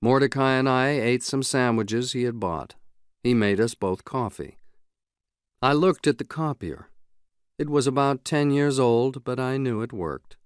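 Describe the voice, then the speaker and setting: A man reading a novel aloud in the first person, in a measured, even way. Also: mid-range voice, smooth, no room sound, studio quality. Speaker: audiobook narrator. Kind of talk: scripted audiobook narration.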